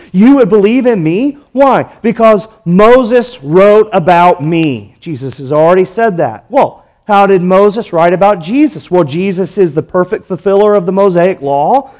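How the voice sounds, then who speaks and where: A man with a high-pitched voice preaching a verse-by-verse sermon. He leans on rhetorical questions and delivers his points with dramatic emphasis. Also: a little mellow. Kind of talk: expository sermon.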